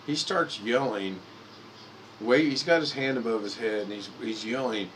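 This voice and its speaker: A man's voice: mid-range voice, moderate pace, fairly bright tone, a little hiss or hum, low-quality recording. A man in his fifties from Indiana, livestreaming and telling rambling personal stories with frequent restarts and self-corrections. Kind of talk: casual storytelling monologue.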